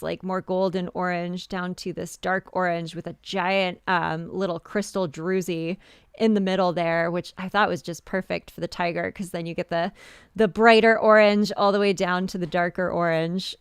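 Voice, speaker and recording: Woman, live-stream jewelry host, casual and chatty, lots of fillers, smooth voice, dry close sound. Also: on the low side, no echo. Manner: chatty, many fillers and restarts. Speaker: jewelry designer hosting a live sales show.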